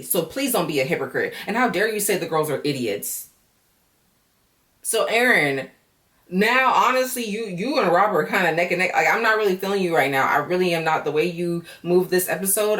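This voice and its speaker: A woman's voice: fairly low pitch, a bit bright, far from the mic. A woman giving a blunt, sarcastic recap of a reality show in a casual chat at home.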